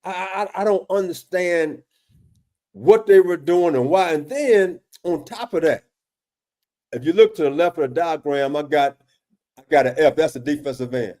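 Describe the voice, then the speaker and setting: A man's voice: on the high side, normal speed, a little mellow. Emphatic man breaking down football film. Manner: emphatic, exasperated questioning, often addresses co-host by name; frequent restarts and repeated words. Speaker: football defensive analyst. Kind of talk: casual film-breakdown discussion.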